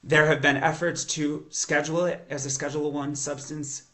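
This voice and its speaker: A man's voice: fairly high pitch, level tone, moderate pace, sharp tone. A man teaching science in an eager, conversational lecture, explaining as he goes and often restarting his sentences. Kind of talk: educational lecture monologue.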